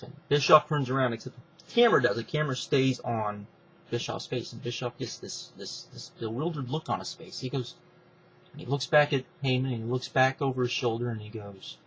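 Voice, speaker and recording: A man's voice: mid-range voice, normal speed, a little hiss or hum. A man telling a wrestling storyline in a casual monologue, acting out the characters as he goes, in a slightly muffled recording. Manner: animated retelling, acting out each character. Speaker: wrestling fan pitching a storyline.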